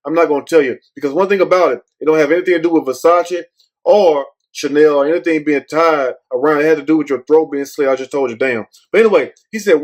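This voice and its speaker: A man's voice: fairly high pitch, fast talker. A man hosting a casual commentary show, rambling and blunt, often swearing and circling back with "but anyway.". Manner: blunt, profane. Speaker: show host.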